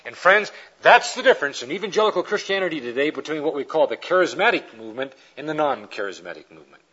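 A man delivers a lecture-style sermon at a quick pace, his slightly high voice carrying a breathy edge. He's an animated storyteller who acts out the characters in his illustrations, recorded with lo-fi sound.

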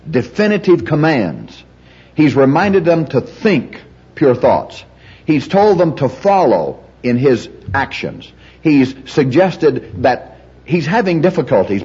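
A man's voice: medium pitch, warm tone, slightly rough. A man preaching a teaching sermon on Bible study, emphatic and repetitive, shifting the stress from word to word. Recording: dull lo-fi recording.

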